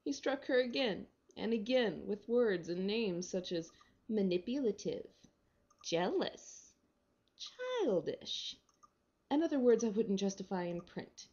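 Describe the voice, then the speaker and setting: A woman's voice: medium pitch, lively intonation, moderate pace, hardly any pauses, a little mellow, lo-fi sound. A woman reading a short story aloud in a wry, sardonic storytelling manner. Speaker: reader.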